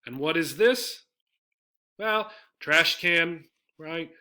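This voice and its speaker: Bright-voiced man teaching English words. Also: on the high side, expressive, very slow. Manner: explanatory, frequent tag "right?" checks. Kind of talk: slide-based vocabulary lesson.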